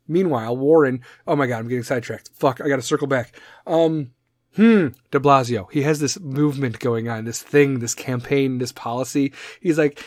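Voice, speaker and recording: A man with a Chicago accent, ranting loudly about politics on a podcast, profane and rambling, slipping into mocking voices. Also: mid-range voice, normal speed, no echo, studio quality. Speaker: podcast host.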